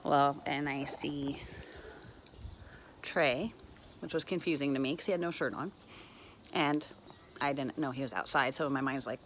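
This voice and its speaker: Deep-toned mother relating a personal ordeal on a phone vlog from home, halting and earnest. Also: slight background noise. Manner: halting, earnest retelling with many fillers. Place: at home, walking around the house.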